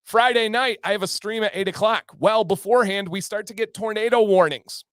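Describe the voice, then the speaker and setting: A man's voice: sits high, a little fast, a bit bright, smooth, no echo. A man hosting a livestream, telling a long exasperated story to his chat with jokey asides. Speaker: livestream host. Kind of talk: casual storytelling to a live chat.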